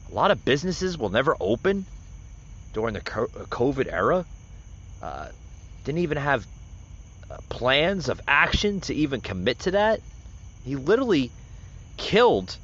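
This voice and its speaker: Rambling man with a lively voice. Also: a little high. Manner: rambling, many filler words and restarts. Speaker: podcast host. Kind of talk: casual political commentary. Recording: dull lo-fi recording.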